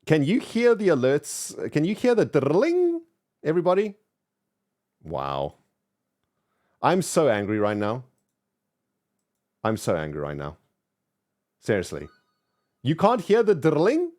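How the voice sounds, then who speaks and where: A man with a fairly high voice hosts a casual gaming stream, venting in exasperation about his computer and chatting with a fellow player. He talks a little slowly, pausing often, with huge pitch swings and shifts between loud and quiet.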